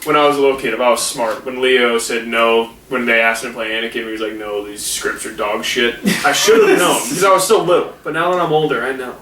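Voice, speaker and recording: A man with a middling pitch makes his case on a podcast and keeps repeating his points for emphasis. He is recorded from a distance in an echoey room, with clear noise behind him. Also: quick pace, hardly any pauses. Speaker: podcast co-host. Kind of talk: casual chat.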